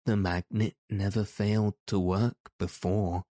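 A man's voice: fairly low pitch, level tone, unhurried, dark tone, dry recording, studio quality, close to an everyday voice. A man doing a friendly shaggy wanderer. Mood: eager.

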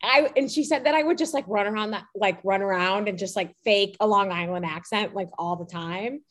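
A woman's voice: medium pitch, brisk, a bit bright. A young woman from Chicago with an ordinary mid-range voice, chatting on a podcast. She rambles through her stories, stopping often to hesitate and search for words. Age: young adult. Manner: rambling, hesitant, lots of ums and likes. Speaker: podcast co-host. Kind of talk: casual chat.

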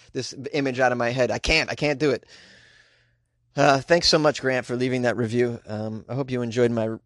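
A man's voice: medium pitch, no echo, studio quality. A man hosting a comedy news podcast, joking his way through stories and chuckling between lines. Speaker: podcast host.

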